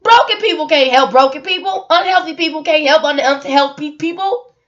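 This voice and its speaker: A woman who speaks AAVE delivers a brisk vlog monologue about her life as a single mother. Her slightly high voice is earnest and emotional, with frequent repetitions and rhetorical questions, captured on a lo-fi recording.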